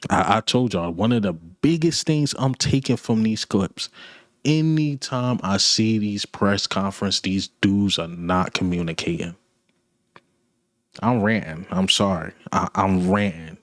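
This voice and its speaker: A man's voice: low voice, unhurried, no room sound, clean studio sound. A man ranting about his football team, blunt, frustrated and repetitive, in casual sports talk. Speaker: sports commentator.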